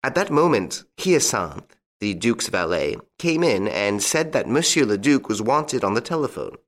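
A man reading a classic story aloud as an audiobook narrator, with expressive storytelling. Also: medium pitch, moderate pace. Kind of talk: scripted narration.

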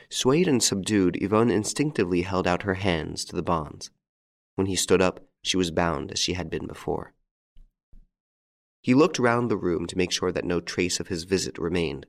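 A male narrator reading a classic story aloud in a measured, even way. His voice is very deep. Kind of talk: audiobook narration.

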